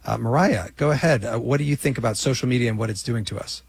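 A man hosting a national radio call-in show, relaxed and conversational with a teasing edge. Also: medium pitch, quick pace, creaky, slightly rough, no room sound.

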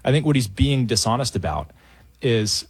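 A man's voice: medium pitch, big pitch swings, normal speed, slightly rough, no room sound. A man answering questions as a radio guest, earnest and thoughtful, sometimes stumbling on his first words. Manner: earnest, thoughtful, repeats words when starting. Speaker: guest, founder of a tech-addiction project.

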